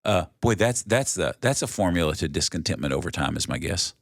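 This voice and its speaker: A man's voice: deep voice, animated, a little fast, gravelly, no echo, clean studio sound. A middle-aged man co-hosting a podcast in casual chat, reflective and telling stories. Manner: reflective, storytelling. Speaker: podcast co-host.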